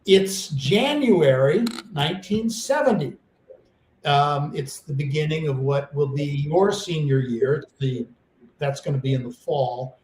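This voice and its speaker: A man's voice: a little high, a little slow, darkish tone, a little hiss or hum. Echoey-sounding man co-hosting a sports show. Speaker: co-host interviewer. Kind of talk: radio interview.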